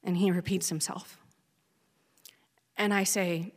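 A woman in her thirties from Oregon, telling a personal story in a slow, measured, emotional way as a speech. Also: fairly low pitch, fairly bright tone. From Oregon, USA. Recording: long hall reverb.

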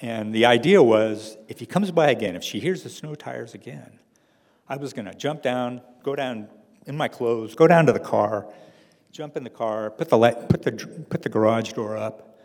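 Male storyteller, gravelly voice, dry wry humor, reverberant hall recording. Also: mid-range voice, moderate pace, a little mellow. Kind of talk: personal story told to an audience.

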